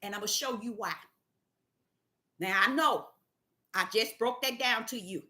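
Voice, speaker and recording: A woman preaching with fervour, repeating phrases and swinging from low murmurs to shouts, laughs and cries. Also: a little slow. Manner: fervent, repeats phrases for emphasis. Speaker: preacher teaching scripture to an online audience. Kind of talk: fiery preaching.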